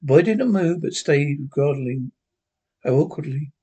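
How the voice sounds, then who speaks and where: Husky male story narrator. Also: on the high side, expressive, unhurried, dark tone. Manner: reads with small slips and restarts. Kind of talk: reading a classic horror story aloud.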